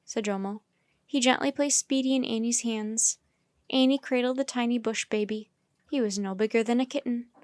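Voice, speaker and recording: A woman gently reading a children's chapter book aloud as storyteller. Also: fairly high pitch, moderate pace, dry recording, clean studio sound.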